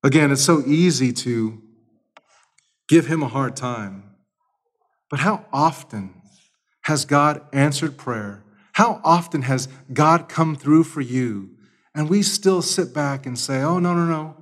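A pastor with a medium-pitched, animated voice preaches slowly, explaining scripture and telling anecdotes. He acts out the voices of the people in his stories.

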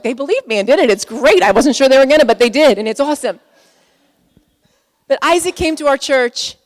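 High-voiced woman preaching in a reverberant hall. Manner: conversational, emotional, many fillers. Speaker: pastor's wife speaking at a conference. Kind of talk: sermon.

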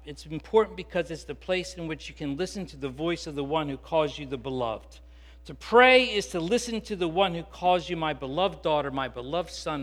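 A man's voice: a little high, a bit bright. A man preaching a sermon, earnest and conversational, with fillers and restarts that build to emphatic, rising passages. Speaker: pastor.

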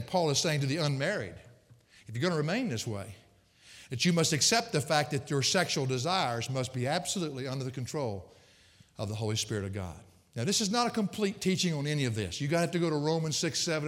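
A male pastor preaching a sermon, an animated, folksy storyteller with humorous asides. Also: a little high. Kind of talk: sermon with personal stories. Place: church sanctuary. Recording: long reverb of a church hall.

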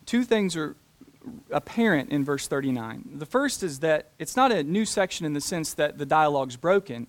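A man preaching a sermon, talking deliberately and slowing down to stress key phrases. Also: fairly high pitch, animated. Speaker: pastor.

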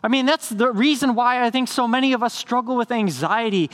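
A man preaching a sermon as a pastor, earnest, telling stories with rising excitement and dropping to hushed, slow emphasis. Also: extremely high pitch. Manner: earnest, builds to excited storytelling then slows to hushed emphasis.

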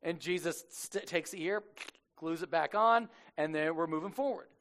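A man preaching a casual sermon as a lively storyteller, slangy and animated, acting out the people he quotes. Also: a little high, moderate pace.

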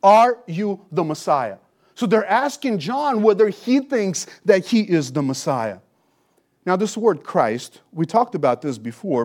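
A man's voice: on the high side, darkish tone. A man preaching an expository sermon, teaching with emphasis and rhetorical questions. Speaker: pastor.

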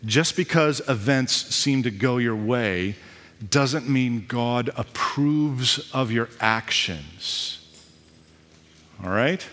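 A man, a pastor, preaching a sermon in a lively, conversational way with casual asides and jokes. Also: mid-range voice, drawn-out words. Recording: long reverb of a hall.

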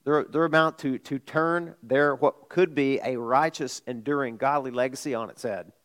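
A middle-aged man preaching a sermon, telling a personal story in a conversational way, jumping from loud asides to hushed admissions. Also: mid-range voice, fairly even intonation, normal speed. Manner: conversational, with restarts and sudden swings from loud to hushed. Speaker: pastor.

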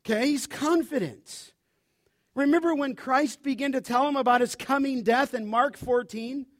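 A man preaching a sermon as pastor, animated, often asking his listeners to finish his sentences. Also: extremely high pitch, moderate pace, no echo, clean studio sound. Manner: animated preaching, asks the congregation to fill in words.

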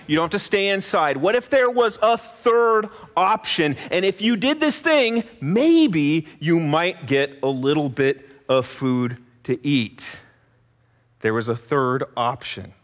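A man preaching an animated, playful sermon, asking the audience questions and acting out little voices. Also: high voice. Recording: long hall reverb.

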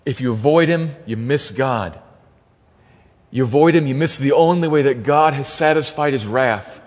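A man's voice: medium pitch, moderate pace, darkish tone. A man preaching an expository sermon as pastor, emphatic and repeating key phrases for stress. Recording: long reverb of a large hall.

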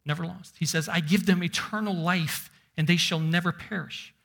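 A man preaching a sermon, emphatic, slowing down and dropping to a near whisper to stress points. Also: on the high side, fairly even intonation, gravelly, fairly bright tone.

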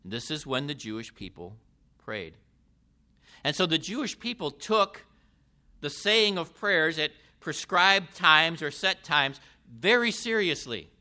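Male pastor, measured sermon delivery, crisp bright voice. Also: fairly high pitch, big pitch swings. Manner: slow, deliberate preaching with emphatic rises and falls. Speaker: preacher.

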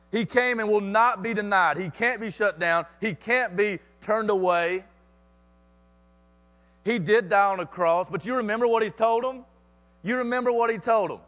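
A man's voice: sits high, a bit bright. A man preaching a sermon with emphatic repetition and rhetorical questions.

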